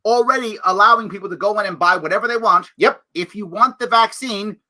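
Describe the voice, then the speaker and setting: A man hosting his own political commentary livestream, talking in a sarcastic, animated, mocking way. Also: sits high, fairly quick. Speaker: show host.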